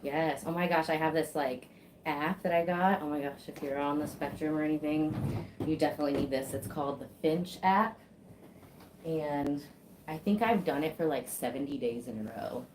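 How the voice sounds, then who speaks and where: A woman's voice: low-pitched, normal speed, noisy background. A woman practitioner chatting casually while she gives a face sculpting massage, swearing easily and laughing.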